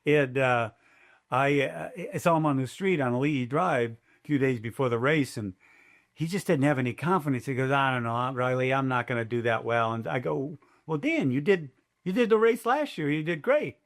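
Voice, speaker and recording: An older man who works as a race announcer tells stories in a podcast interview, animated and acting out quotes in a raised voice. His voice is mid-range, at a normal speed.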